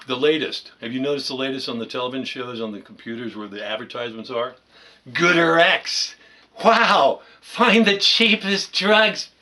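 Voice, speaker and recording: A man's voice: mid-range voice, fairly bright tone. A man delivering a profane, sarcastic rant as a vlogger, mocking as he goes. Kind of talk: ranting monologue to camera.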